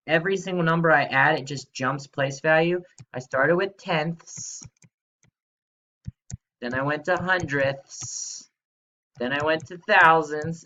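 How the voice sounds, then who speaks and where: A man teaching a recorded lesson, talking slowly and carefully with a bright, forceful edge. He coaxes his students along and prompts them to say things back to him. The sound is a bit dull and lo-fi. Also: mid-range voice. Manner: upbeat, coaxing, prompts students to repeat aloud.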